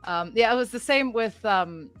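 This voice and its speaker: A woman chatting casually as a voice actress at a live signing, animated and explanatory, laughing often. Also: on the high side, moderate pace, no room sound, faint music behind. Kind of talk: casual chat.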